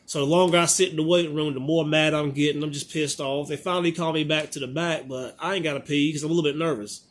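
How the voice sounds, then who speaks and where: 30s guy ranting through a storytime vlog, kinda high voice, does both sides of the convo. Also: fast talker. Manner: animated, exasperated, acts out both sides of the conversation. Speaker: vlogger. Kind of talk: casual storytime monologue.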